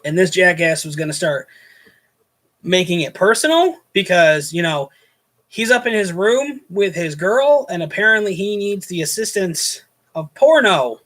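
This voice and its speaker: High-voiced man telling an exasperated work story. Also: big pitch swings, measured pace, a bit bright. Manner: rambling, exasperated, many restarts. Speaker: host recounting his hotel night-desk job. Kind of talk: casual storytelling monologue.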